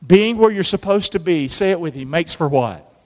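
Animated preacher in a reverberant hall. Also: male voice, high-pitched, moderate pace. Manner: animated, call-and-response preaching with acted-out biblical voices. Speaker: pastor. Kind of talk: sermon.

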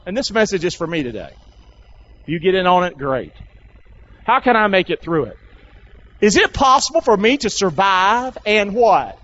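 A man preaching a lively sermon in a large church, coaxing the congregation to answer and join in. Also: high-pitched, normal speed, pauses often, dull audio. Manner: animated, coaxing calls to the congregation. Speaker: pastor.

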